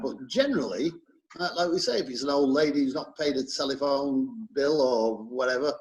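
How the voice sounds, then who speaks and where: An English man co-hosting an opinion chat, conversational, telling stories with halting restarts. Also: mid-range voice, rough recording. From England. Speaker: co-host.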